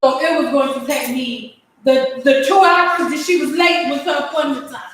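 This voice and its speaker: A woman's voice: sits high, fairly even intonation, moderate pace, a bit bright, slight background noise. A young woman, a hairstylist, telling a long story in a casual vlog at home, rambling with many restarts and a lot of "like". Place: home, cooking while talking. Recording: very echoey room.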